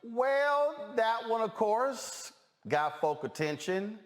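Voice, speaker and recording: A man's voice: high voice, big pitch swings, slow. A man hosting a podcast, talking casually with many fillers and restarts as he introduces clips. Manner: hesitant, full of fillers and restarts. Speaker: podcast host. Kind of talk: casual commentary.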